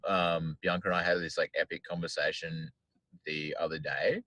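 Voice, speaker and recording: A man's voice: extremely low pitch, little pitch movement, normal speed, sharp tone, no echo. A man hosting a podcast, chatting casually and rambling with lots of "like". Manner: rambling, heavy use of "like". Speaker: podcast host. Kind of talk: casual chat. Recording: dull lo-fi, dry sound.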